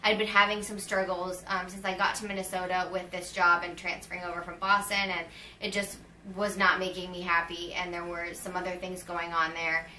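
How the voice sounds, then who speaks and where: A woman's voice: fairly low pitch, little pitch movement, a little fast, pushed and bright, a little hiss or hum. A woman in her twenties chatting casually as she answers viewer questions in a vlog, with many fillers. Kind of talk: casual Q&A chat. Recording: roomy, slightly distant mic.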